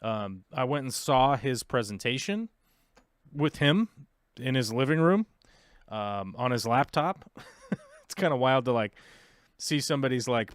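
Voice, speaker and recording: A man's voice: mid-range voice, clean tone, no echo, clean studio sound. An American man hosting a live show, talking in a casual, rambling way full of fillers and restarts. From United States. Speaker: host of aquarium livestream.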